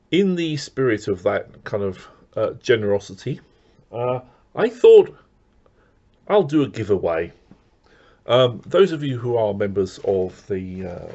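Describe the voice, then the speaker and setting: A man's voice: on the low side, darkish tone. Rambling man, lo-fi sound. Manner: rambling, with many fillers and restarts. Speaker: record collector vlogger. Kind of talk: casual unboxing chat.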